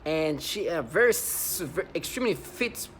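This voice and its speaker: A man talking to camera in a rambling, halting monologue, repeating words and stressing points earnestly. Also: fairly high pitch, animated, fairly bright tone, slight background noise. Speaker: vlogger.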